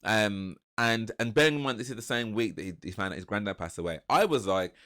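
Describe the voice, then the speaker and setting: A man's voice: fairly low pitch, fast talker. A man, casually rambling through a reaction to a reality TV episode with lots of restarts. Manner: rambling, restarts and animated retelling. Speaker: reaction video host.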